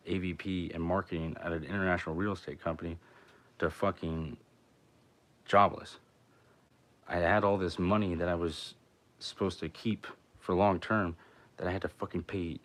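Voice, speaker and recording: A man's voice: low voice, fairly bright tone. Blunt man on a livestream. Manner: blunt, swears freely, storytelling with quoted dialogue. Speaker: livestream host. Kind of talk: casual livestream chat.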